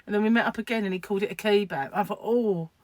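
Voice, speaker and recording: A woman's voice: mid-range voice, fast, no room sound. A woman chatting casually to camera at home, rambling and laughing at her own asides. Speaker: crochet vlogger.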